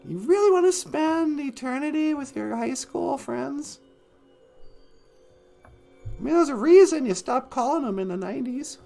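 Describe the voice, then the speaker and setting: A giggly aunty, as a man puts her on, hosts a call-in show in a high, sing-song voice that climbs and dips all over the place. She rambles along at an easy, slow pace. Her chat stays light and full of giggles. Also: animated, gravelly, dark tone, faint music behind, full character voice. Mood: chatty. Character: chatty, giggly middle-aged aunty woman. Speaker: host.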